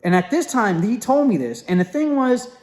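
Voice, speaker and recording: A young man telling a story in a casual, animated way, acting out what others said, with many fillers and restarts. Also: very high voice, moderate pace.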